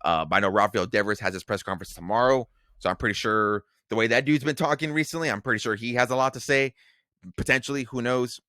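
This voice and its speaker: A man's voice: medium pitch, fast talker, sharp tone, no echo, clean studio sound. A man co-hosting a casual podcast, rambling with plenty of fillers, restarts and swearing. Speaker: podcast co-host.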